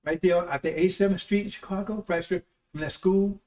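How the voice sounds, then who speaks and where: This broadcast preacher's voice sits high and is a little mellow, brisk in pace with fairly even intonation. He rambles informally through his sermon, repeatedly checking in with "See?" and "Right?". The recording is echoey and roomy, with the mic placed far from him.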